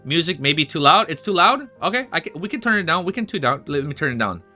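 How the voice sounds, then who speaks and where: A man streaming a read-along of a web novel, reading haltingly with restarts and breaking into excited casual asides. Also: a little high. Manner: reads aloud haltingly, stumbling and restarting. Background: faint background music.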